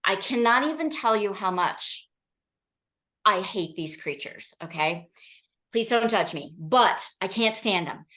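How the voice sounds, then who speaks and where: A woman giving a training talk to an audience, telling stories in an animated way and often checking in with "okay?" and "right?". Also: medium pitch, measured pace. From Colorado.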